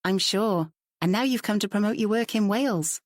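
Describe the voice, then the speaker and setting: A woman's voice: mid-range voice, moderate pace, no echo, studio quality, voice pushed up, close to an everyday voice. A woman voicing a curious, outspoken woman painter who talks in a chatty, forthright way, in a storybook reading.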